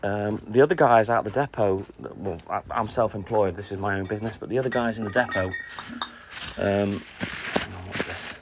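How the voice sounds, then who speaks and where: A man's voice: lowish voice, moderate pace, background noise. A middle-aged man, a self-employed milkman, chatting casually on a live stream during his night delivery round, greeting viewers and answering comments between stops. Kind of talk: casual live-stream chat while working.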